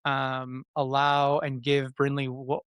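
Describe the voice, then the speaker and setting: Smooth-voiced man in his thirties, halting. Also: mid-range voice, monotone, fairly bright tone, no room sound, clean studio sound. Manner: halting, many restarts. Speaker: podcast guest. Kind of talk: casual conversation.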